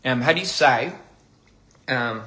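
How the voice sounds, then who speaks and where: A man's voice: mid-range voice, animated, unhurried, pushed and bright. A young man on a casual phone livestream, playfully stumbling over foreign phrases while he eats. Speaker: livestream host. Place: indoors at a meal.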